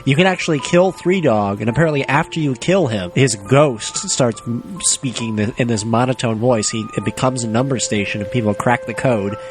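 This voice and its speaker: A man's voice: medium pitch, normal speed, few pauses, over music. A man co-hosting a casual podcast, with a voice in the middle range. He lays things out plainly for listeners. He answers his co-host's story with open disbelief. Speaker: podcast co-host.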